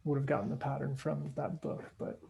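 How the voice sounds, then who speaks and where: A man in a casual book club discussion on a video call, explaining ideas hesitantly with many pauses. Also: medium pitch, completely flat delivery, creaky, mellow, slight background noise. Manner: hesitant, lots of ums, explains slowly.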